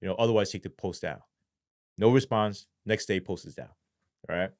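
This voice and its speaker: A man's voice: fairly low pitch, moderate pace. New guy telling a story on a podcast, lots of cursing, acts out what people said. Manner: profane, animated retelling with acted-out quotes. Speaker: interview guest, former police sergeant. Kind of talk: casual storytelling.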